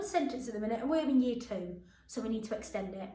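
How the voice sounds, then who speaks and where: Woman teacher, slow sing-song dictation. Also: a little high, lively intonation, dark tone, roomy sound, low-quality recording. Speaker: primary school teacher. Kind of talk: phonics and writing lesson for young children.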